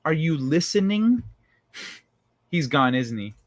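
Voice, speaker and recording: With a mid-range voice, lively intonation and a moderate pace, and no room sound, a man hosts a casual livestream. He reads viewer comments and jokes around with his chat, loose and freely profane.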